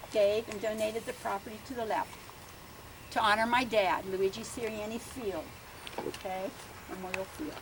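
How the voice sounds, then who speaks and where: This rough recording, with a slight hiss or hum, captures a woman on the high side giving a ceremony speech at an outdoor garden land dedication. She is an older family speaker from Bellevue, Pennsylvania, chatty and laughing as she tells stories and keeps adding "huh?" to her lines.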